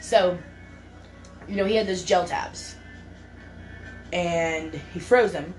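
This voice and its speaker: A young woman casually telling a story, animated and laughing, acting out the voices of others. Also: on the low side, slow, faint music behind, low-quality recording.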